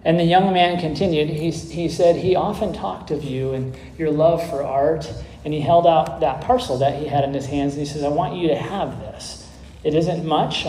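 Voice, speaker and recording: A man preaching a sermon, telling a story and closing in prayer, earnest and measured, with small restarts. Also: fairly high pitch, warm tone, reverberant, slight background noise, rough recording.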